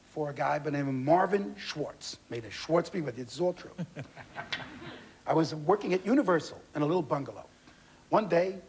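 A man in his sixties, a guest comedian on a TV talk show, telling stories with animated delivery and put-on voices. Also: fairly high pitch, slightly rough. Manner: animated, shouting punchlines, mimicking voices. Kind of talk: comic storytelling on a talk show. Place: TV studio with audience.

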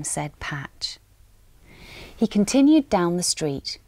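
Expressive woman reading a children's story. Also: lowish voice, slow, long pauses, no echo. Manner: expressive, dramatic with hushed moments.

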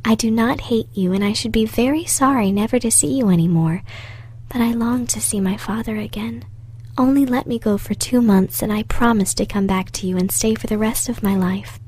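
A woman voicing a kind, earnest young woman in a breathy whisper, as whispered role-play. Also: a little high, moderate pace, darkish tone. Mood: tender.

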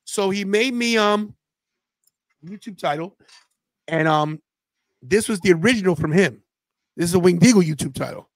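Podcast host, male, high-pitched, chatty storyteller; dry close mic. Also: moderate pace, pauses often, no echo. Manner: animated storyteller, quotes friends in a loose slangy way. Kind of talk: casual watch-party chat.

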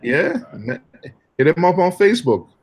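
A man's voice: high-pitched, very animated, measured pace, a little hiss or hum. A man riding along as passenger, chatting casually and teasingly while relaying messages from a live chat. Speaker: passenger and co-host. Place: car on the road.

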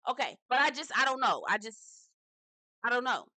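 A woman's voice: a little high, very animated, normal speed, sharp tone, no echo. A woman giving a casual, slangy reality TV recap, swearing freely, laughing at her own points and calling the listener "girl".

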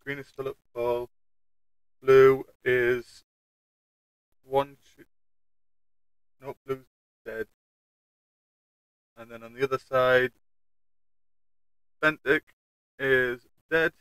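Northern english guy reading out scores, bright crisp voice, dry close sound. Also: mid-range voice, flat delivery, drawn-out words, pauses often, dry recording, poor audio. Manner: tallying scores aloud, trailing off. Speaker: stream host and scorekeeper. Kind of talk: casual chat among gamers.

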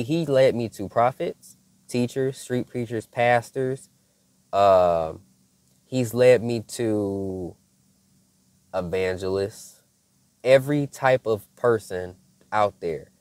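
A man speaks in a relaxed, conversational way, sharing a personal spiritual testimony and calling his viewers y'all. His voice sits a little low. The sound is dry, with almost no room echo. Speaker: faith content creator. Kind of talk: casual spiritual testimony to camera.

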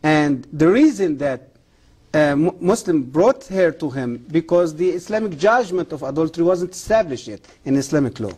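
A man gives an earnest testimony in halting, ungrammatical English, with a husky, mellow voice that sits slightly high for a man. He speaks as an interview guest, pleading directly with the listener. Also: lively intonation. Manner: earnest, halting non-native English grammar; preacherly appeal to the camera. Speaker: guest, former Islamic professor.

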